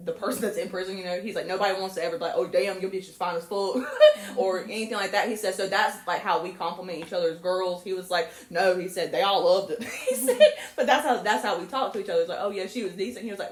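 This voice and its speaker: Young woman, casual podcast chat, lively swooping pitch, echoey room, laughs often. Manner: animated storytelling, swears freely, bursts into high laughter. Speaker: podcast co-host. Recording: roomy echo.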